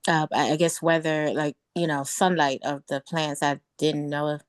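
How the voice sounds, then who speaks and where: A woman joining a casual online chat as a guest, soft-spoken and appreciative. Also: low voice, steady tone, normal speed.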